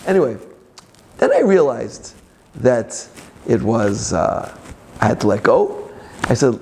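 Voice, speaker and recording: A man's voice: mid-range voice, measured pace, pauses often, a little hiss or hum. A man speaking as a rabbi, giving a Torah class with personal stories and joking asides. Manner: animated storyteller with joking asides.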